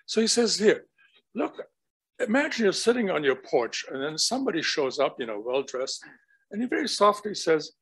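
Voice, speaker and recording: A man giving an academic talk, animated and storytelling, often asking rhetorical questions. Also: a little high, moderate pace, slightly rough, low-quality recording. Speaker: guest lecturer.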